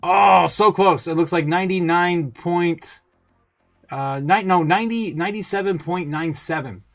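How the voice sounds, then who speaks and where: Excitable male livestream host. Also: sits high, a little slow, dry recording, clean studio sound, soft background music. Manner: excitable, laughing, reading viewer chat aloud. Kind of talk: livestream market chat.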